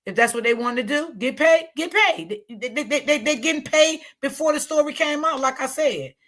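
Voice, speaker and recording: A woman's voice: high-pitched, fairly quick, a bit bright. A woman commentating on a live stream, blunt and profane, speaking straight to her viewers. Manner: blunt, profane, emphatic, talks straight to the audience. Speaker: online commentator.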